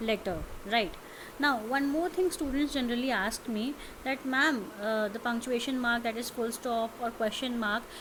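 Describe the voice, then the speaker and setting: A woman teacher with an Indian English accent explaining grammar rules slowly, checking understanding with frequent questions. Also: fairly high pitch, noisy background. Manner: slow, explanatory, repeats and quizzes with "understood?". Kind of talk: classroom grammar lesson.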